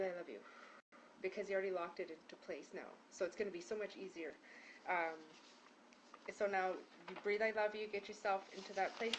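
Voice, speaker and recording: Woman spiritual healer, mid-pitched, casual and rambling, lots of fillers; indoor room, faint noise behind. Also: rough recording. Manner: loose and rambling, with many fillers and restarts. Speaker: spiritual healer leading a group prayer session. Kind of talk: casual spoken instruction. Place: indoor room hung with prayer ties.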